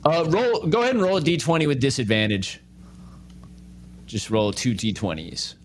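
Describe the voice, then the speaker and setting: A man's voice: mid-range voice, moderate pace, a little hiss or hum. A young man narrating as game master in a casual tabletop game, with many fillers.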